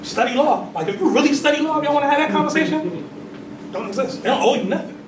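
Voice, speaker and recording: High-voiced man preaching in an echoey hall. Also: animated, fast talker. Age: 40s. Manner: questions the congregation, reads aloud, laughs between points. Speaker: religious teacher. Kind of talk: sermon with call and response. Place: temple hall. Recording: echoey hall, mic at a distance, noisy.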